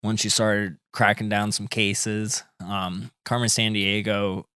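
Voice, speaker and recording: A man's voice: fairly low pitch, flat delivery, slow pace, pushed and bright, clear, resonant tone, dry recording, clean studio sound. A man in his thirties co-hosting a podcast, talking loosely with lots of fillers and casual swearing. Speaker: podcast co-host. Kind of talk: casual chat.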